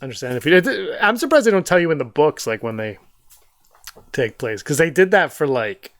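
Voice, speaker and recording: A man co-hosting a podcast in casual chat, telling rambling stories with quick asides. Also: fairly high pitch, very animated, dry recording. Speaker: podcast co-host.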